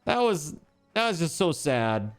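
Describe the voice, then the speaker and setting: Lively, rambling male game streamer. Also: on the high side, unhurried, smooth, soft background music. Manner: rambling, joking, swearing, with lots of fillers. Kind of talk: casual stream chat.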